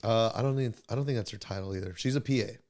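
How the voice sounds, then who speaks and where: A young man co-hosting a podcast in casual chat, a bit hoarse, laid-back, swearing often and laughing a lot. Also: on the low side, rapid-fire, a little mellow. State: hoarse from laryngitis. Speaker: podcast co-host.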